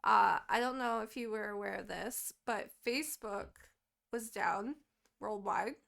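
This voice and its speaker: A woman's voice: medium pitch, unhurried, creaky, fairly bright tone. A young woman co-hosting a podcast, chatting casually and rambling through her week, swearing often and laughing. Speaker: podcast co-host. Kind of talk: casual chat.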